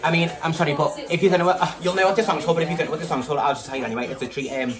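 A man's voice: fairly high pitch, fairly even intonation, rapid-fire. A man, tipsy, chatting in a rambling, gossipy vlog and swearing a lot. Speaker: vlogger. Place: his bedroom at home. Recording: distant mic with loud background music. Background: music playing.

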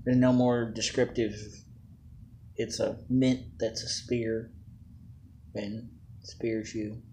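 A man's voice: medium pitch, little pitch movement, takes it slowly, warm tone, a little hiss or hum. A man casually reviewing vape juices, joking and plain-spoken in a laid-back way.

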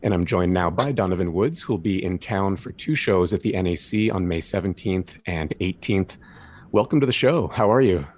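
Deep-voiced male radio host. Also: animated, darkish tone. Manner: friendly, measured questions. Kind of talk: radio interview hosting.

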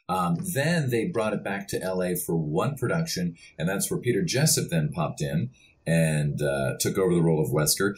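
Deep voiced guy chatting on a podcast, laid back, chuckles a lot. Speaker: voice actor guest. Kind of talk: casual podcast interview.

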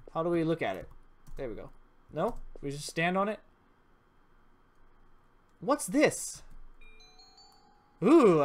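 A woman giving casual, playful commentary while playing a horror adventure game. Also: lowish voice. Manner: playful, jokey, giggly asides. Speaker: let's play gamer.

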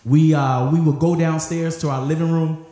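A man's voice: on the high side, fairly even intonation, normal speed, warm tone. A male pastor preaching a sermon, leading call-and-response with joking, conversational asides. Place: church sanctuary. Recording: very echoey church hall.

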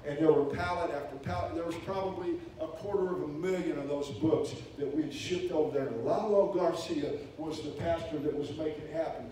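A man preaching a sermon, telling a story with energy and loudly acting out the voices in it. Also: fairly high pitch. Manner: animated, acts out quoted voices loudly. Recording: echoey hall, distant mic, faint hiss.

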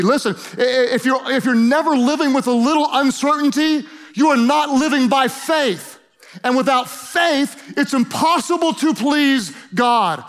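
High-voiced middle-aged male pastor preaching. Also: unhurried, fairly bright tone. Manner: playful, emphatic, jokes with the congregation. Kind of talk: humorous energetic sermon. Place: church auditorium.

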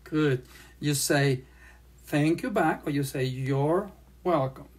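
Slow-paced sign language teacher. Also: medium pitch. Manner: speaks slowly, repeats phrases while demonstrating signs. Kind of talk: slow classroom lesson.

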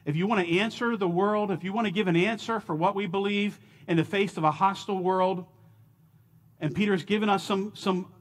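A man with a high-pitched voice leads a church Bible class. He teaches in an earnest, emphatic way, stressing key words and turning often to the class with questions. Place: church auditorium.

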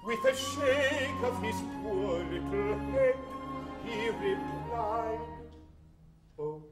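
A comic lovesick suitor on a theatre stage, high-voiced and unhurried, milking every overblown line. The sound is roomy, with a loud orchestra. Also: male voice, over loud music. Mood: mournful singing. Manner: overblown theatrical pleading, then sung ballad. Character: comic lovesick man wooing a fierce older woman. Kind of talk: comic light opera stage performance.

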